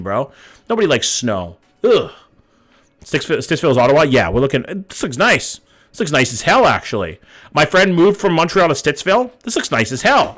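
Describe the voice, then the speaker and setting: A man in his 30s with a fairly high, slightly bright voice is live streaming, reacting to where his viewers are from. He chats casually, swears freely, and reads the chat out loud.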